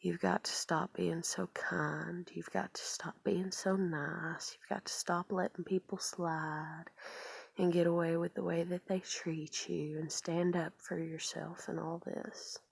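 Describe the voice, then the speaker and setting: A woman's voice: on the low side, flat delivery, unhurried, vocal fry, breathy edge, no echo. A woman talking in a rambling confessional vlog, full of fillers and trailing off into whispered asides. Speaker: vlogger.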